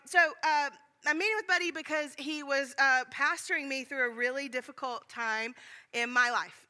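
Woman pastor, sermon; high and bright, candid, chatty, self-deprecating, speaks directly to the congregation. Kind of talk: conversational sermon storytelling.

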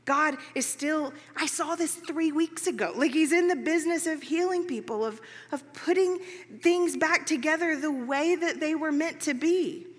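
Woman, preacher, sermon, conversational, high voice, long reverb. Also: moderate pace. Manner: conversational storytelling, lively, many fillers.

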